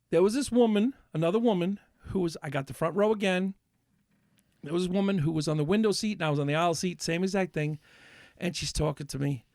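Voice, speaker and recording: A man's voice: a little high, a little mellow, no room sound, clean studio sound. A man on a podcast, ranting in a worked-up, swearing rush while telling a story in casual chat. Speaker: podcast co-host.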